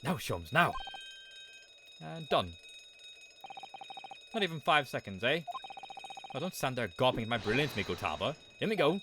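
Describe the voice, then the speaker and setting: A man's voice: medium pitch, big pitch swings, normal speed, long pauses, noisy background. A man voicing an eccentric, self-satisfied great detective, theatrical and showy. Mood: triumphant.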